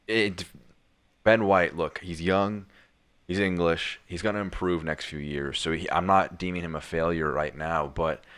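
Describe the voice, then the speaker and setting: Very deep-voiced man talking football. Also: a bit bright. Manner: rambling, many restarts and fillers. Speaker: podcast co-host. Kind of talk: casual football chat.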